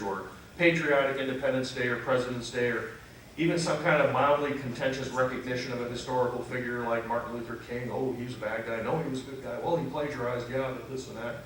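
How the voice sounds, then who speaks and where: A man giving a conversational history lecture to a gathering, pausing on fillers and correcting himself as he goes. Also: fairly low pitch, a bit bright, slight background noise. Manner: unscripted, frequent "uh" fillers and self-corrections; asks the audience questions. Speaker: lecturer at a freethought congregation. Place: meeting hall with an audience. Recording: very echoey hall, distant mic.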